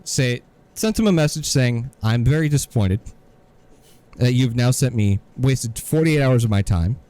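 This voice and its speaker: A man's voice: medium pitch, lively intonation, moderate pace, mellow. A man co-hosting a podcast, telling a story in an exasperated, sarcastic rant. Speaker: podcast co-host. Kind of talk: casual ranting podcast chat.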